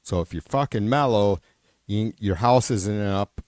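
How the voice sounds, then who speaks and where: Man, low voice, close dry mic, casual livestream talk, swears a lot, rambles. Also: moderate pace, darkish tone, no echo. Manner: rambling and profane, with many restarts and trailing-off sentences. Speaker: livestream host. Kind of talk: casual unscripted stream chat.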